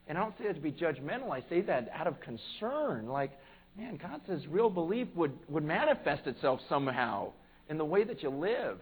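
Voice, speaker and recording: A pastor preaching a conversational sermon in church, earnest and plain-spoken, swelling to emphatic peaks. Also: male voice, a little high, very animated, moderate pace, slightly rough, rough recording.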